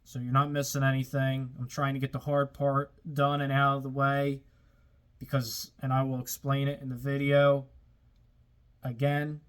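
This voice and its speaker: Man, car-build video host, casual plain talk, unhurried, monotone. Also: mid-range voice. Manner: plain-spoken, gets a little worked up. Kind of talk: casual workshop talk to viewers.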